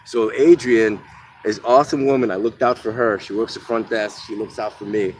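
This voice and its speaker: A man with a fairly low voice tells candid stories from his own life, rambling and cursing freely between fillers. He turns earnest and blunt when he speaks to listeners directly. A faint hum of background noise sits under his voice. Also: fairly even intonation, fairly quick, a little mellow. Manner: rambling, profane, with many fillers. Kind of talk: candid personal storytelling monologue.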